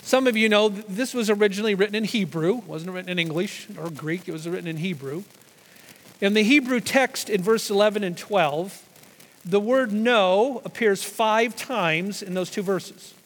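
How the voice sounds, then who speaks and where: A man preaches in a high voice, teaching through scripture and leaning hard on the words he wants to stress. His sermon rings with the long reverb of a church hall. He often restarts a phrase before pressing on. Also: moderate pace. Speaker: pastor.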